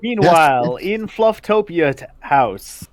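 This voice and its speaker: A game master who narrates a tabletop game in an unhurried way. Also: medium pitch, expressive.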